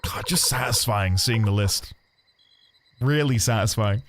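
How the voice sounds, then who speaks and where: A man's voice: on the low side, a little slow, pauses often. A man streaming a video game, chatting casually and laughing at himself as he corrects his own mistakes. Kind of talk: casual gameplay commentary.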